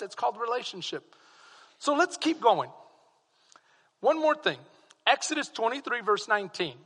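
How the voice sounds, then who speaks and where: Pastor guy preaching, really high bright voice, goes soft then shouts, big reverby church. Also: breathy edge. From Texas. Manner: preacherly, swings from quiet to shouting. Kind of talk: sermon. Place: church sanctuary. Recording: long hall reverb.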